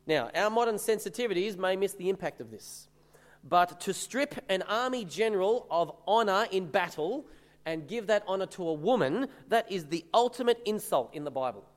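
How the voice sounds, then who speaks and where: A man with a fairly high voice preaches a sermon. His delivery is earnest and emphatic, and he reads passages aloud between points. The sound carries a long hall reverb. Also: lively intonation, moderate pace.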